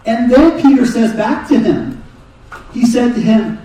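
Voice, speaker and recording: Brief: high-pitched man preaching animatedly, recorded from a distance in a big echoing hall. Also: measured pace. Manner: animated preaching, voices Jesus and Peter in quotes. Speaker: pastor. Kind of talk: sermon. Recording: echoey hall, mic far off.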